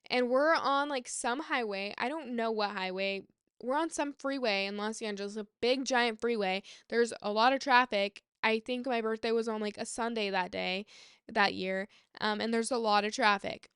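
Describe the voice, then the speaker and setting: Casting: woman, 20s, storytime vlogger, bit high, crisp, animated and sweary. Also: normal speed, no echo, clean studio sound. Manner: animated, swearing, quotes others in retelling. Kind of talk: casual storytime.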